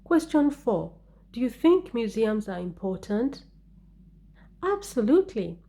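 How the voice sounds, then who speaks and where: A woman teaching an English speaking-test lesson in a clear, deliberate way, stressing key words with rising intonation. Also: fairly high pitch, sing-song, dark tone. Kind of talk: exam-prep lesson.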